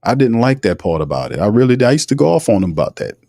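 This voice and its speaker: A man's voice: medium pitch, sing-song, racing, dark tone, no echo. A man hosting a sports livestream, ranting in a heated, repetitive way. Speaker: sports podcast host. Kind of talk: casual livestream commentary.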